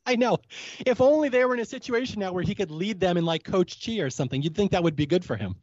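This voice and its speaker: A talkative man with a fairly high voice hosts a casual podcast chat, recapping with frequent laughs and little acted-out quotes. His voice sits dry and close, with a slightly dull, muffled tone to the recording. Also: expressive, quick pace, darkish tone, no echo. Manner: chatty, laughs often, acts out quotes. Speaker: podcast host.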